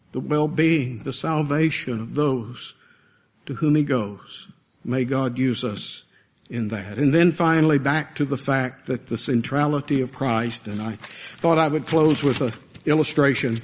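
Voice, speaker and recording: A man's voice: fairly high pitch, muffled recording. A man preaching a sermon as pastor, earnest and building to impassioned pleas.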